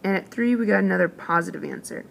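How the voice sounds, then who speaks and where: Gravelly-voiced woman teaching calculus. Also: lowish voice, fast, slight background noise. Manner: patient, explains step by step. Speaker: math teacher. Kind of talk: calculus lesson narration.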